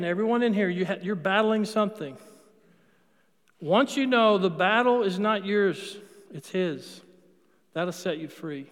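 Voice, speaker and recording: High-voiced priest in a reverberant church. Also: male voice. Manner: conversational, asks the congregation questions and answers them. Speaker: Catholic priest. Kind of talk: sermon.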